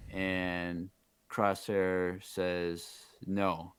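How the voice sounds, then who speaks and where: A man with a lowish, smooth and resonant voice, talking through a plot recap in a loose, chatty way with plenty of "um" and "like". The sound is close and dry, with no room in it. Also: fairly even intonation, takes it slowly, no echo. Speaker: podcast host. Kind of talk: casual episode recap.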